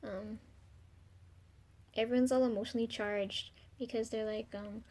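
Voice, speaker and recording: A young woman speaks in a fairly high voice that barely rises or falls, holding to one even tone. She rambles through a confessional video diary, filling her pauses with ums and dropping casual swears. Her voice often trails off softly between thoughts. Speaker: vlogger.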